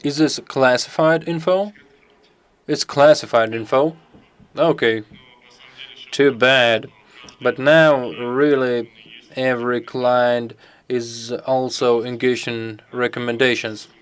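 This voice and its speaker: A man interpreting a conference Q&A live, halting as he picks his words. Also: mid-range voice, fairly even intonation, clear, resonant tone.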